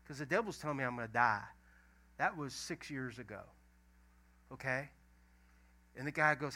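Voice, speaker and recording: A middle-aged pastor, preaching a lively, emphatic sermon full of stories. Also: male voice, mid-range voice, brisk, pauses often. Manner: animated, emphatic storytelling preaching.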